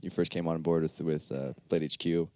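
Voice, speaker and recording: A man's voice: a bass voice, fairly even intonation, brisk, a little mellow, smooth. A man hosting a casual podcast chat, rambling, laughing often and swearing offhandedly. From United States. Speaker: podcast host.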